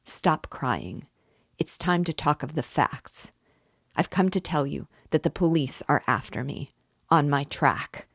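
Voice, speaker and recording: A woman's voice: deep voice, animated, measured pace, slightly rough, no room sound, studio quality, heavily acted. A woman reading aloud, voicing a bitter, proud young man who talks gloomily and defiantly. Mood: grim insistent.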